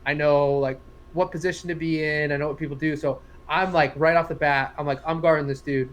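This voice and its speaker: A young man co-hosts a laid-back sports podcast. His voice sits a touch high, and he tells long, rambling stories full of swearing. He keeps laughing at his own mishaps. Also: fairly even intonation, brisk. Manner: rambling storytelling, swears freely, laughs at himself. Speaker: podcast co-host. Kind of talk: casual sports podcast chat.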